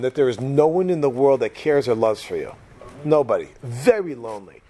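A man's voice: a little high, darkish tone. A middle-aged man lecturing a live audience, telling personal stories, joking and putting questions to the listeners. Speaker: speaker addressing an audience.

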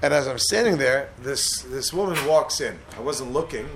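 A man's voice: medium pitch, animated, moderate pace, a bit bright, a little hiss or hum. A man giving an informal Torah class in a joking, chatty way, often putting questions to his listeners. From Israel. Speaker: rabbi teaching a class.

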